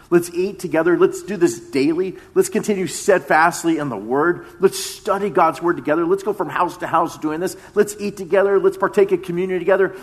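A man in his thirties, a pastor giving a conversational sermon that often repeats its phrases. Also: on the high side.

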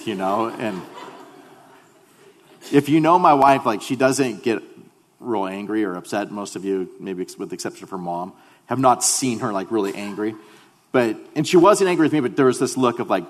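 A man's voice: on the low side, expressive, normal speed. Man preaching with humor in a hall. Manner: humorous, conversational storytelling. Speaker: pastor. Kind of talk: sermon with a personal story.

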